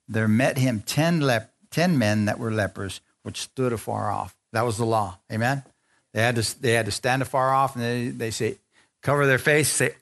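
Animated preacher man calling for amens. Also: creaky. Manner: animated, asks the congregation for amens; laughs often, acts out quotes in a higher voice. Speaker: pastor. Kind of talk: sermon.

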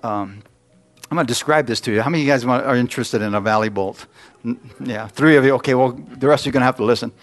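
A man's voice: medium pitch, fast, soft background music. A middle-aged man preaching a sermon, telling folksy personal stories and putting questions to the congregation.

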